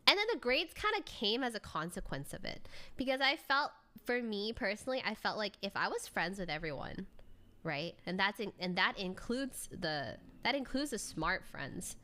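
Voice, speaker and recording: A woman's voice: mid-range voice, big pitch swings, normal speed, pushed and bright. A young adult woman streamer chatting casually, telling stories with frequent laughs and casual swearing. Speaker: streamer reacting to a video. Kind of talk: casual chat.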